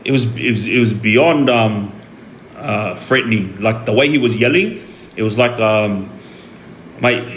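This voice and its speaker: A young Australian man telling a story on his stream in a rambling, animated way, full of fillers and restarts. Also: lowish voice, normal speed. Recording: echoey room with faint ambient noise.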